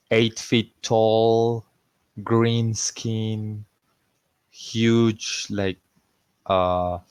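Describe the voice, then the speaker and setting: A man's voice: on the low side, smooth, no echo. A man playing a tabletop game, talking hesitantly with lots of fillers. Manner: hesitant, filler-heavy, slow-spoken. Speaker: player. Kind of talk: casual in-character tabletop play.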